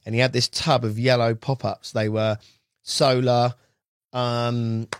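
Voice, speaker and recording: A man's voice: mid-range voice, little pitch movement, measured pace, slight background noise. A man telling a long rambling story as a guest, casual and chatty, often quoting what others said. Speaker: guest angler.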